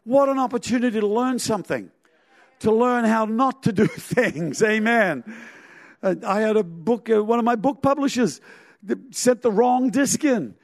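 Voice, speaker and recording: A man's voice: sits high, normal speed, dry recording. A man preaching a sermon, telling a story animatedly with sound effects and chuckles.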